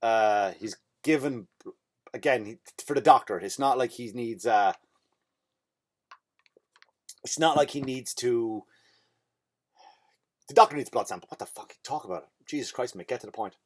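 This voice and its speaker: A man's voice: medium pitch, normal speed. Rambling Irish man telling a comic story. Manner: rambling, profane, self-interrupting. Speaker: comedian and podcast host. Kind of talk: comedic storytelling monologue.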